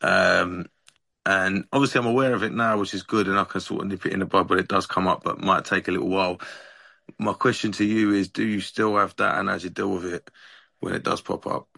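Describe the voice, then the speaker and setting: Low gravelly man. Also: steady tone, a little fast, pushed and bright, no echo. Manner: reflective, hesitant, many ums. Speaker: meeting member. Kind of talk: recovery meeting share.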